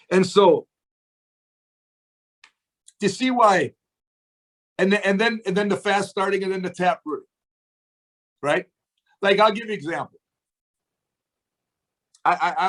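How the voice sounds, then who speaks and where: A man's voice: sits high, a bit bright. A middle-aged man leading a sales team on a video call, giving an emphatic, preachy motivational talk and asking his listeners questions.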